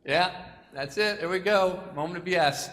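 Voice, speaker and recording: A man's voice: high voice, moderate pace, a bit bright. Man speaking in a reverberant hall. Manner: chatty, self-deprecating, gets choked up. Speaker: speaker addressing a school assembly. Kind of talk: casual, joking motivational talk. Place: large hall with an audience. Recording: long hall reverb, faint room noise.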